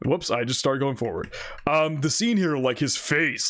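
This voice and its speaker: Man, anime reaction host, excitable, rambling, laughs a lot, lively voice. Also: mid-range voice, moderate pace. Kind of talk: casual reaction commentary.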